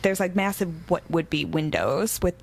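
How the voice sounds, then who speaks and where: A woman's voice: lowish voice, moderate pace, gravelly. A young woman co-hosting a book podcast, casually retelling a story and acting out the characters' lines. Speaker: podcast co-host. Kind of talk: casual book-club chat.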